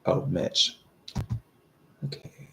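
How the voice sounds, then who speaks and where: A man's voice: extremely slow, pushed and bright. A man in his thirties giving live-stream tarot readings, rambling and hesitant with many fillers. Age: 30s. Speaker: tarot reader.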